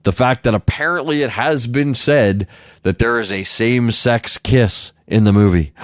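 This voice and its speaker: A man's voice: mid-range voice, normal speed, no echo. A man hosts a casual comedy news show and rambles through the week's stories, joking and swearing freely. His voice sits in an ordinary middle range. The recording is dry and close, with no room sound. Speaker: show host.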